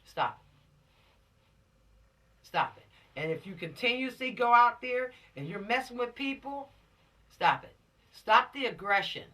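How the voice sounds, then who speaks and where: Woman instructor, bright voice, preachy and emphatic lecturing, recorded from across the room. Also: a little high, distant mic. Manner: preachy, emphatic, repeats warnings, drops into slang. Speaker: law course instructor. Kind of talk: lecture to teens.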